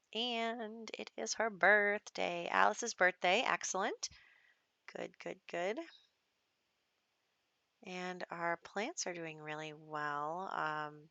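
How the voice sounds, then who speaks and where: A woman's voice: fairly low pitch, gravelly, sharp tone, no room sound, lo-fi sound. A young adult woman giving casual, rambling commentary over a life-sim game, with lots of fillers and little laughs. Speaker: gameplay commentator.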